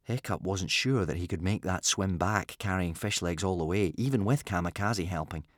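A man narrating a children's adventure story with an expressive reading. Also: low-pitched, normal speed, no echo, studio quality. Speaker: audiobook narrator.

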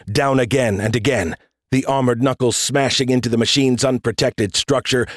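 Male audiobook narrator, measured storytelling delivery, mid pitch, dry booth sound. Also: no echo. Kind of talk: scripted narration.

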